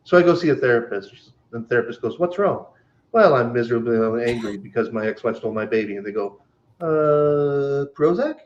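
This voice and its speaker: A man's voice: mid-range voice, fast, muffled recording. A man co-hosting a podcast, telling stories bluntly with lots of swearing and acted-out quotes in casual chat. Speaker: podcast co-host.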